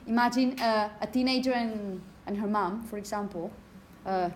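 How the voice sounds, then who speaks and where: A woman's voice: medium pitch, steady tone, slow pace, slight background noise. A woman teaching a phonetics lecture to teachers. She explains step by step, checks in with the class as she goes, and chants example phrases to show the rhythm. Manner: explanatory, checks in with "okay?" and "yeah?".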